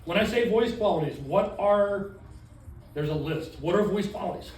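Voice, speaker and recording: A man running a classroom training session as a sales trainer, talking in an animated way and tossing questions to the group. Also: sits high, moderate pace. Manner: animated, asks the room questions. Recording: echoey room from far off.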